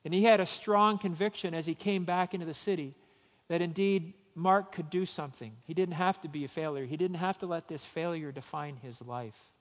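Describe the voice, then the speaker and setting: A man's voice: fairly high pitch, fairly quick, in a large hall. A man preaching a sermon, telling a personal story and then urging his listeners with rising emphasis. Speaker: pastor.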